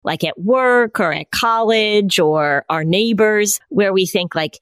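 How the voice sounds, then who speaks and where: A woman in her fifties with a mid-range voice talks in a relaxed, thoughtful way and draws her co-host out with questions. The sound is close and dry. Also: medium pitch, takes it slowly, smooth, no echo. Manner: inquisitive, thoughtful, asks follow-up questions. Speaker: podcast co-host. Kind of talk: casual conversation.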